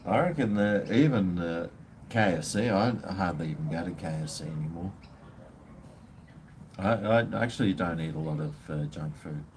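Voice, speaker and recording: Casting: Australian bloke, live-stream host, sweary and rambling, faint background hum. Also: male voice, deep voice, lively intonation, moderate pace, a little mellow. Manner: rambling, blunt, swears freely. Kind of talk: casual live-stream chat.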